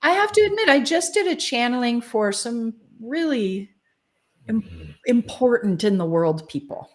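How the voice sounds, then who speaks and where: A woman's voice: fairly high pitch, expressive, unhurried. A woman guest in a casual interview, speaking frankly and animatedly and laughing often. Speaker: guest, spiritual channeler.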